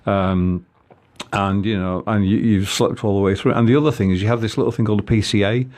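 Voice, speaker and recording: A man's voice: on the low side, fairly even intonation, a little mellow. A man telling a personal story in casual conversation, with frequent halts and restarts. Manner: halting, many restarts. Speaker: guest.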